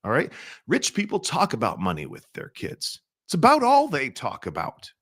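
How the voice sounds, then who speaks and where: A middle-aged man teaching a sales training, asking his audience questions and acting out soft-spoken sales lines. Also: medium pitch, wildly swooping pitch, normal speed, slightly rough.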